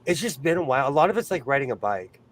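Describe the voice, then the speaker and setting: A man's voice: mid-range voice, sing-song, rapid-fire, a bit bright. A man from California hosting a sewing livestream, chatting casually, laughing often and reading the chat aloud.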